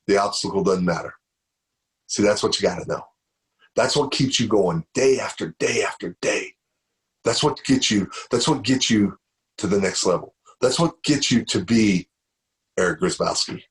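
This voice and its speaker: A middle-aged man delivers a motivational stage speech in a fairly high voice. He tells personal stories and drives points home by repeating phrases. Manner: storytelling, repeats phrases for emphasis. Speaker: motivational speaker.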